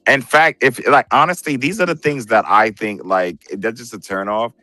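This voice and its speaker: A man's voice: medium pitch, normal speed, pushed and bright, no echo. A man hosting a casual group chat on a video call, opinionated and repeating "bro" and "right" as he argues. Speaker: show host.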